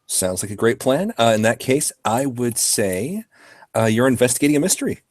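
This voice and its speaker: Lively game master man. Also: mid-range voice, moderate pace, dry recording, clean studio sound. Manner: relaxed, explains rules plainly. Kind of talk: running a tabletop game over an online call.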